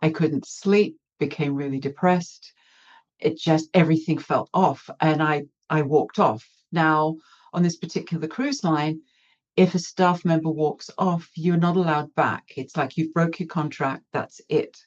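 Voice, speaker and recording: A woman's voice: low-pitched, a little slow, a little mellow, highs cut off. A woman guest in an interview, telling her own story candidly with self-mocking humour. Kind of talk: storytelling in conversation.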